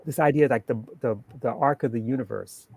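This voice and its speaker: Husky, dark-voiced man arguing with conviction. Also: medium pitch, fairly quick. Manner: emphatic, builds lists, repeats words when starting. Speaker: panel guest. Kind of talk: passionate political discussion.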